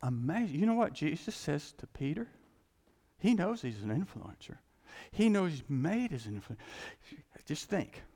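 A man preaching a sermon, folksy and animated, acting out scripture scenes. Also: a little high, normal speed, long reverb tail.

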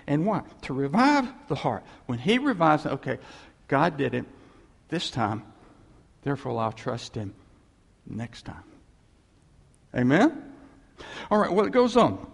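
A man's voice: fairly high pitch, creaky, slightly rough, long reverb tail. A man preaching a sermon in a conversational, wry way, often speaking God's lines in a casual voice. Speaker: pastor.

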